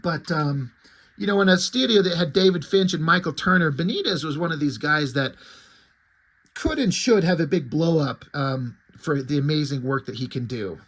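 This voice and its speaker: A man's voice: on the high side, expressive, moderate pace. A man reviewing comic books in casual, rambling talk, blunt and opinionated, swearing freely and trailing off into ums and asides.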